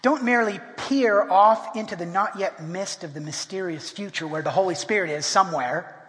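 Middle-aged man, pastor, high voice, delivering a sermon in an emphatic manner with lots of restarts, in a church hall with long reverb. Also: moderate pace, fairly bright tone. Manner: emphatic, often restarts and repeats words. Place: church sanctuary.

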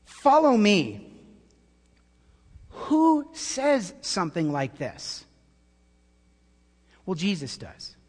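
A pastor with a high-pitched voice delivers an animated sermon. He drops to hushed tones and then rises to near-shouts. His voice rings with long reverb in a large hall. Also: drawn-out words, long pauses.

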